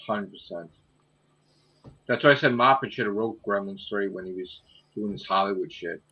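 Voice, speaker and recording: A man co-hosting a casual fan podcast, talking in a blunt, animated way and swearing often. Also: fairly low pitch, normal speed, slightly rough. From Italian heritage. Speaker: podcast co-host. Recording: muffled lo-fi audio.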